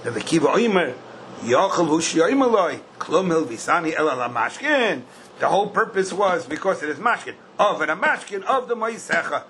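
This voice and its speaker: Animated older man teaching Talmud. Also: fairly high pitch, moderate pace, slight background noise, rough recording. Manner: questioning singsong, bursts of emphasis, Yiddish-style Hebrew terms. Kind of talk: Talmud class lecture.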